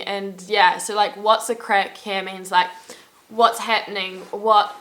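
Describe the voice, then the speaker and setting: A young woman talks straight to camera in a casual travel vlog. Her voice is bright and forceful. She rambles cheerfully and leans on "like" in nearly every sentence. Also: mid-range voice, steady tone, slow pace. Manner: chatty, peppered with "like"; upbeat, laughs at her own stories. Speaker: travel vlogger.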